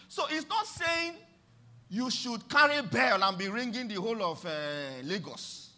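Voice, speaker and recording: High, lively Nigerian male preacher. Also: a little slow. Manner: emphatic preaching with sudden swings between loud and soft, sing-song phrasing. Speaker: pastor. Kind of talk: sermon.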